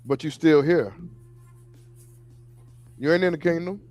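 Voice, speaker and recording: A man co-hosting a casual talk show about faith, animated and quick to push back. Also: on the high side, faint music behind. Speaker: co-host. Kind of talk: casual religious discussion.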